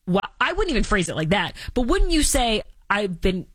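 A woman's voice: a little high, very animated, brisk, slightly rough, no echo. A woman hosting a radio talk show, chatting in a sarcastic, mock-dramatic way. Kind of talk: casual opinionated chat.

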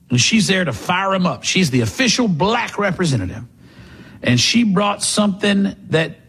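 A man's voice: high-pitched, slightly rough. A man hosting a political talk radio show, sarcastic and mocking in his monologue.

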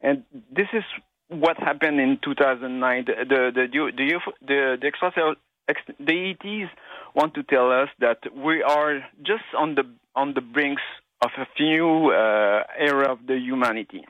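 A man from Quebec with a Québécois French accent, calling in to a radio show and speaking in a halting way with many restarts. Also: medium pitch, dry recording. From Quebec, Canada. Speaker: caller. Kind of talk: call-in radio chat. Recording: dry tinny phone line.

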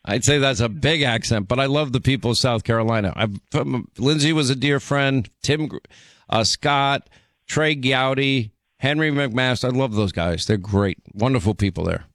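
An older man hosts a radio talk show in a dry studio, talking in quick bursts. He stammers through restarts and has a faint New York accent. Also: medium pitch, a bit bright, no room sound. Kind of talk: talk radio, live ad read.

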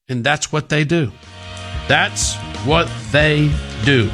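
A man's voice: on the high side, normal speed, a bit bright, soft background music. A man hosting a talk radio show, giving sarcastic, opinionated commentary. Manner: sarcastic, mocking.

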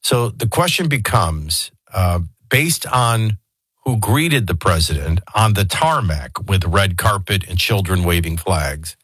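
A man's voice: on the low side, a bit bright, breathy edge, dry recording. A man hosting a talk radio show, speaking in a conversational, digressive way with folksy asides, into a studio microphone. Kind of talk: casual talk radio commentary.

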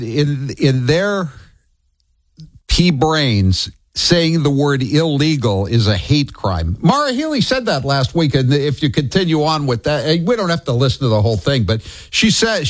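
A man's voice: fairly high pitch, very animated, moderate pace, no room sound, studio quality. A man hosting a talk radio show, speaking bluntly and scornfully and rambling with restarts as he takes callers. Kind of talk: opinionated talk radio chat.

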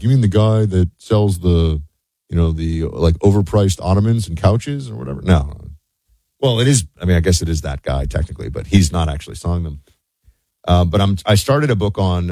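Deep-voiced chatty man. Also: darkish tone, dry recording. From United States. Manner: rambling, self-correcting, chatty. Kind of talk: casual monologue.

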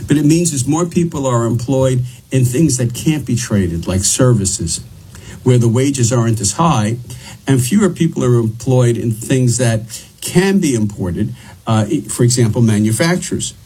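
A man with a very husky, rough-edged voice gives economic commentary. He talks in a halting way, restarting and repeating words as he works through his point. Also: mid-range voice, lively intonation, warm tone, rough recording. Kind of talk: opinion commentary.

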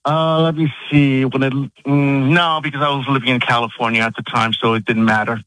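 A man's voice: medium pitch, flat delivery, a little fast, a bit bright, dry recording, low-quality recording. A man calling into a radio talk show, defensive, irritated and sarcastic. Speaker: caller. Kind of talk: call-in radio conversation.

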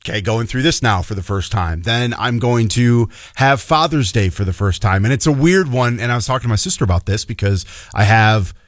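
A man's voice: medium pitch, animated, a little fast, few pauses, no room sound. Earnest man in his thirties, dry studio. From Chicago area, Illinois. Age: 30s. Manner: earnest storytelling, emotional. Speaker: radio show co-host. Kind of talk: casual chat.

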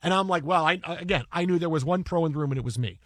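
A man with a fairly high voice tells a story at a rapid clip, stumbling and restarting as he goes. The sound is dry and close. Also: fairly bright tone, no room sound. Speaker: podcast host and broadcaster. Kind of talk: casual storytelling chat.

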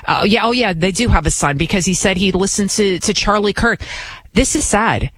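A woman's voice: mid-range voice, normal speed, husky, poor audio. A woman filling in as a talk radio host, delivering blunt, combative and opinionated commentary.

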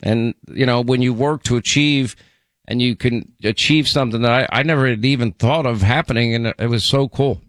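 A man's voice: mid-range voice, fairly quick, no echo, clean studio sound. A man hosting a call-in radio show, chatting with callers and rambling through personal stories. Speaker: radio talk show host.

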